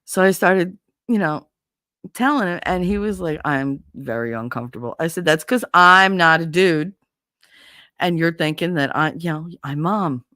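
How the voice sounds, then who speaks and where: A middle-aged woman with a New York accent, hosting a podcast and telling a casual story, animated and blunt, laughing often and acting out what people said. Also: lowish voice, a little slow, dry recording, clean studio sound. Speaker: podcast host.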